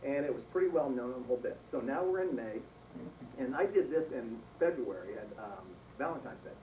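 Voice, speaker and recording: A man's voice: medium pitch, a little fast. A middle-aged man giving a eulogy for his mother, telling a funny family story with lots of laughter. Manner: animated storytelling with frequent laughs. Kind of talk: humorous storytelling at a funeral. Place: funeral service hall. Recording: echoey room from far off, noisy.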